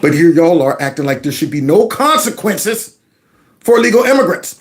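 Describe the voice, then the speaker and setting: A man's voice: a little high, big pitch swings, moderate pace. A man hosting a political commentary livestream, sarcastic and mocking as he talks back to clips he plays. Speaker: host of a political commentary channel.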